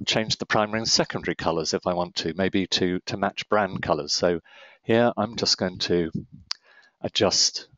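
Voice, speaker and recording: A man with a low, deep voice walks through a software demo in a calm, step-by-step way. The recording is dry and close, with a slightly dull, muffled sound. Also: no room sound. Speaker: software tutorial narrator. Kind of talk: screen-recorded software walkthrough.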